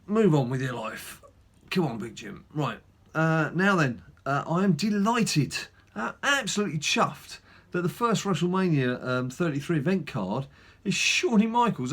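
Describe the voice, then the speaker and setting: A man's voice: fairly high pitch, lively intonation, normal speed, a bit bright. A man hosting a gaming channel, chatting casually through a mobile game with lots of fillers and self-mocking asides.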